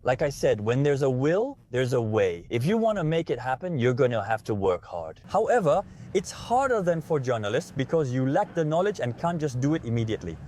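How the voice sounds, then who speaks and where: A man hosting a casual interview from inside a car, upbeat and animated. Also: medium pitch, brisk, hardly any pauses, slight background noise. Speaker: host.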